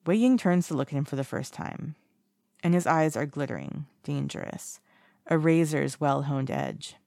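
Gravelly, measured fiction reader. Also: medium pitch, lively intonation, warm tone, no echo, studio quality. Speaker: narrator. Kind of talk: audiobook narration of fiction.

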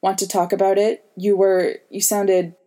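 A woman voicing a sarcastic young woman prisoner with a blunt, deadpan delivery. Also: mid-range voice, normal speed, lightly acted.

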